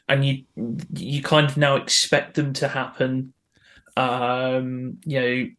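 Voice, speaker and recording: A man co-hosting a casual podcast, opinionated and earnest, often restarting his sentences. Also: medium pitch. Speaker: podcast co-host.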